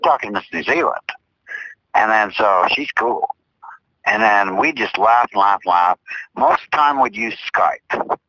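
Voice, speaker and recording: A man's voice: lowish voice, unhurried, pauses often, no echo, rough recording. A man in casual chat, teasing his friend and cutting in to tell his own story. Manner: teasing, animated, interrupts.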